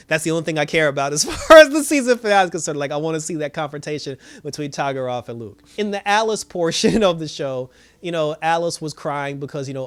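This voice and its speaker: Guy rambling through a tv episode recap, kinda high voice, lots of you knows. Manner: animated storytelling, many fillers. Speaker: TV episode reviewer. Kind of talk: casual recap.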